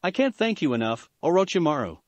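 Guy doing a grateful humble devil guy, gushing, lively. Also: fairly high pitch, brisk, no room sound. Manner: effusive, humble.

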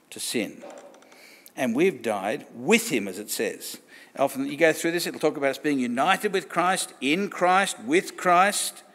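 A man with an Australian accent preaching a sermon in a conversational way, often asking questions and restarting phrases. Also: a little high. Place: church hall. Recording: long church reverb.

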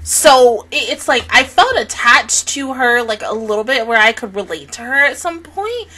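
Bright, animated woman reacting to anime. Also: fairly high pitch, moderate pace. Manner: expressive, swears a lot, swings between shouting and laughing. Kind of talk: excited anime reaction review.

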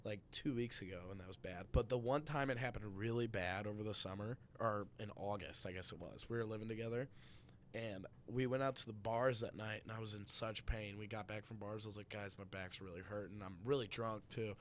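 A young man chatting as a podcast guest, telling an animated story full of laughs and swearing. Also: on the low side, fairly quick, a little hiss or hum. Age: young adult. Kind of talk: casual chat.

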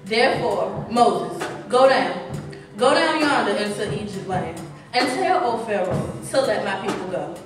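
A woman voicing God as a commanding, solemn male figure in a church reading, with slow, emphatic declamation. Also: mid-range voice, expressive, natural voice. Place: large church. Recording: echoey church from far off, music behind.

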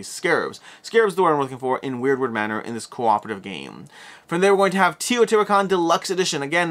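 A man's voice: fairly high pitch, sharp tone. A man hosting a board game roundup in a casual, rambling way, often restarting and correcting himself. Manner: rambling, self-correcting, chatty with asides. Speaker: board game channel host.

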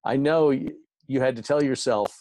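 A man's voice: medium pitch, moderate pace, darkish tone, dry recording. A man hosting an interview over a video call, asking long, enthusiastic, rambling questions. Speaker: show host.

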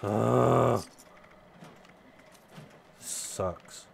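Young guy doing slow laid-back game commentary, mumbles to himself then goes off in big high rants. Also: gravelly, slight background noise. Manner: mutters low, then bursts into loud, high, exasperated rants. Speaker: game video host. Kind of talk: casual gameplay commentary.

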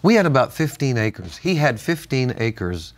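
A man's voice: mid-range voice, sing-song, normal speed. An older man co-hosting a Bible-teaching chat, telling stories and laughing often. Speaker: co-host.

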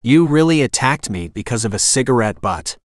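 Defensive small-town cop, hoarse and grumbling, a male narrator doing him. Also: mid-range voice, expressive, fairly quick, dry recording, clean studio sound, natural voice.

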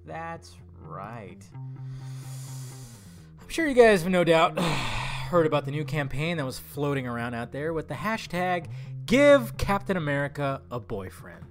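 A young man vlogs a sarcastic, profane rant about a movie story. His pitch swings widely as he fumes. Faint music plays under his voice. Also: very animated, a little slow. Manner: angry, sarcastic, profane ranting. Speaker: movie commentary vlogger. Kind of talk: ranting commentary vlog.

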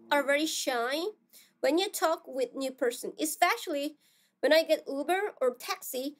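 Young woman, korean accent, high voice, soft-spoken, hesitant, lots of fillers, casual stream chat. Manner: halting, hesitant, with many fillers and restarts.

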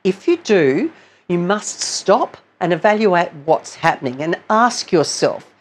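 A woman's voice: fairly low pitch, lively intonation, a little slow. A woman vocal coach giving a singing lesson, explaining technique patiently and step by step. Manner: patient, explanatory, demonstrates sounds between explanations.

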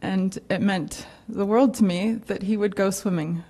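A woman speaking at her grandfather's funeral, close to tears, rambling and apologetic, laughing softly between memories. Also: mid-range voice, fairly even intonation, measured pace. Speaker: granddaughter giving a eulogy. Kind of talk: unscripted funeral eulogy. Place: funeral home chapel.

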